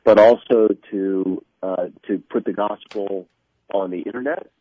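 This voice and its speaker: A man speaking as a guest in a radio interview, earnest and halting, often restarting his sentences. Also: lowish voice, steady tone, dry recording. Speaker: guest from an evangelistic ministry. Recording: tinny phone line.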